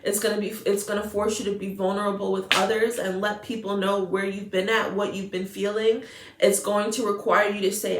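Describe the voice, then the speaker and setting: A woman's voice: medium pitch, flat delivery, fairly quick, slight background noise. Earnest woman giving a tarot reading. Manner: earnest, emotional, repeats phrases. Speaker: tarot reader. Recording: roomy echo.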